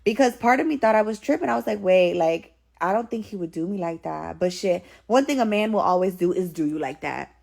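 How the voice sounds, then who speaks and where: A woman telling a story in a casual get-ready-with-me storytime, animated and slangy, swearing freely. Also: medium pitch, a little fast, vocal fry.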